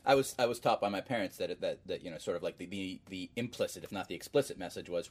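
A man hosting a casual conversation, jokey and quick to laugh. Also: low voice. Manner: animated, jokey, laughs often. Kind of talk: casual chat.

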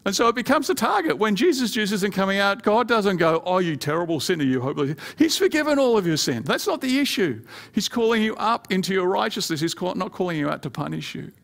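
Male pastor, sermon, gravelly tone, voice climbs high to press points. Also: lively intonation, a little fast, few pauses, a bit bright. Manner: rising pitch and volume when pressing a point, playful asides.

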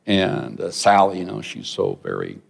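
A man's voice: sits low, moderate pace, gravelly, breathy edge. Middle-aged male pastor in a reverberant hall. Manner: storytelling, animated asides to the congregation. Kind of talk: sermon. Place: large church hall.

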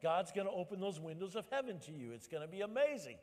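A male pastor preaching a sermon at church, emphatic and rising to loud exhortation. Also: high-pitched, big pitch swings, fast, in a large hall.

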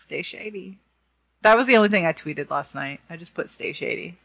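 A woman's voice: low-pitched, expressive, quick pace, creaky, a bit bright, muffled recording. A woman co-hosting a casual podcast chat, sarcastic and prone to exaggerated outbursts. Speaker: podcast co-host.

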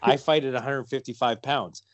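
A man's voice: medium pitch, steady tone, moderate pace, dry recording, highs cut off. A man chatting casually on a podcast, rambling with lots of fillers and restarts. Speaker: guest, fighter and wrestler.

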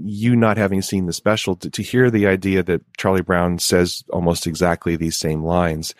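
A man's voice: deep voice, no room sound, studio quality. A man co-hosting a podcast, talking in a reflective way and often stopping to restart his sentences. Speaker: podcast co-host. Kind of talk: casual discussion.

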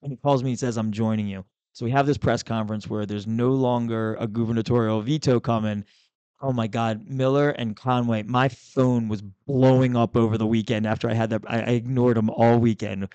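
A man, a former state senator, hosting a casual chat and telling a lively political story, acting out the voices of others. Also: a little fast, dry recording, muffled recording. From Maryland, US. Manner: animated, acts out quotes with big pitch jumps.

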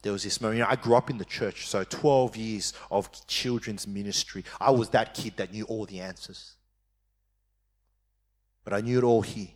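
A low-voiced man preaches a sermon testimony, recounting a personal story vividly and portraying his younger self. At tender moments his voice drops, becoming quiet and slow.

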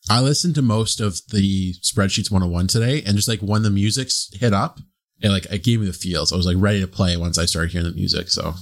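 A man playing a tabletop role-playing game, speaking in an excitable, animated way. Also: sits low, fairly quick. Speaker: player. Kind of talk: casual chat while playing a tabletop game.

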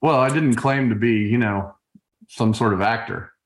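A middle-aged man chatting over a video call in a playful, joking way, often stopping and restarting his sentences. His voice sits at an ordinary pitch for a man. The room around him rings with a noticeable echo. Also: normal speed. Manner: playful, joking, stop-and-start. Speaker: podcast co-host. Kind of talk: casual chat.

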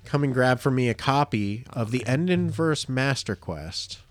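A man's voice: mid-range voice, animated, a little slow, dry recording, soft background music. A man co-hosting a podcast, running a quiz game and reading reviews aloud in casual, jokey banter.

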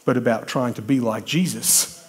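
A man's voice: mid-range voice, normal speed. A man preaching a sermon, conversational and emphatic, building points through repetition and bantering with people in the congregation.

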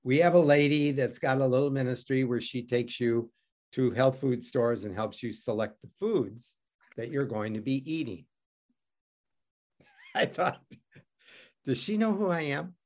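A man's voice: mid-range voice, unhurried, long pauses, a little mellow. A man from Detroit telling a personal story as a guest, wry and self-mocking, acting out the dialogue he quotes. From Detroit, USA. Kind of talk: animated storytelling.

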